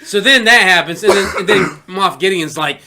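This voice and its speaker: A podcast co-host in casual chat, animated and swearing freely, acting out scenes with sound effects. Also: mid-range voice, normal speed.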